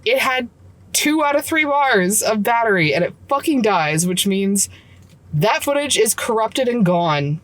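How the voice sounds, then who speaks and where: A woman's voice: a little high, lively intonation, unhurried, dry recording. A woman and mom venting her frustrations in a casual vlog from her car, swearing often, recorded on her phone. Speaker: vlogger and mom. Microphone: phone camera.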